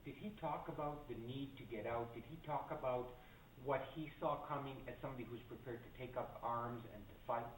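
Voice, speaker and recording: A man's voice: mid-range voice, fairly even intonation, fairly quick, distant mic. A man interviewing an older woman, asking careful questions. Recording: echoey room, off-mic, faint noise.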